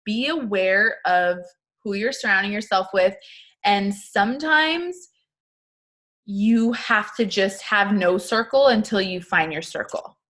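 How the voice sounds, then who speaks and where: A woman's voice: medium pitch, animated, slow pace, a bit bright. A young adult woman giving a casual motivational talk to her team, chatty and upbeat with lots of "like" fillers. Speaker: network marketing team leader.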